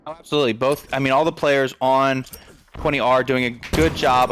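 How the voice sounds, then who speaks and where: A man giving play-by-play commentary on a competitive shooter match, quick and analytical, thinking aloud as he breaks down the game. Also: mid-range voice, steady tone, noisy background. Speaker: esports caster.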